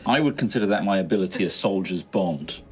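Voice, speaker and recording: A man's voice: low voice, lively intonation, fast, a little hiss or hum. A man playing a tabletop game, with playful, swooping intonation. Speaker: player.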